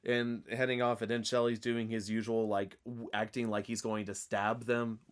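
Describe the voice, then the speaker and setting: A man co-hosting a podcast in relaxed, rambling conversation, full of fillers and restarts. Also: fairly low pitch, moderate pace, smooth. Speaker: podcast co-host, horror fan. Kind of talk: casual chat.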